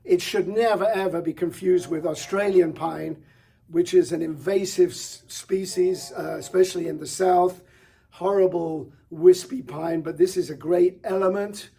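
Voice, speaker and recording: A man's voice: high-pitched, steady tone, unhurried, vocal fry, mellow, breathy edge. A middle-aged man presenting flowers with enthusiasm, chatty, with fillers and small restarts. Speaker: florist presenter. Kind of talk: product showcase demonstration.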